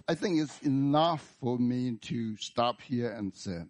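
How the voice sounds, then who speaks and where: Male pastor, slow sermon delivery, repetitive emphatic phrasing. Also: mid-range voice, a little mellow. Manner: slow, deliberate preaching with repeated words and emphatic restarts. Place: church.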